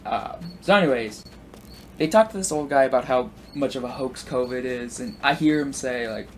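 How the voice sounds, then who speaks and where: A young man in his twenties rambles through an anecdote while playing a game, drifting into asides and filler words. His voice sits in an ordinary middle pitch. He jumps into animated, higher voices when quoting people, over a faint background hiss. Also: normal speed. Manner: acts out quoted people with big pitch jumps. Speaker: gameplay commentator. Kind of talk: casual storytelling while playing.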